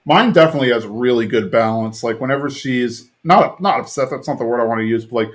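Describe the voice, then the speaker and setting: A man's voice: mid-range voice, fast talker. A man in his thirties casually recapping a cartoon episode on a podcast, rambling with lots of fillers and restarts. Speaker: podcast co-host.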